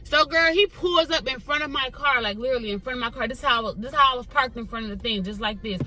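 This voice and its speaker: Chatty young woman with a bright voice. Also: sits high, fast talker, poor audio. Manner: chatty, animated, addresses viewers as "girl". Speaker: vlogger telling a story. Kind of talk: casual storytime chat. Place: parked car.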